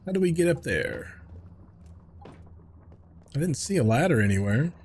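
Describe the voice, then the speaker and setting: A man's voice: on the high side, very animated, moderate pace, a little mellow, slight background noise. A man from New York streaming a game live, chatting casually with viewers, reading their messages aloud and swearing offhandedly. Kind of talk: casual live-stream chat while gaming.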